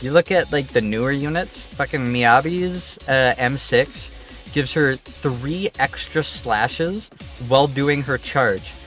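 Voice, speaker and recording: A man's voice: medium pitch, takes it slowly, a bit bright, soft background music. A man streaming a game, chatting casually in a rambling, profane, offhand way. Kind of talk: casual livestream chat.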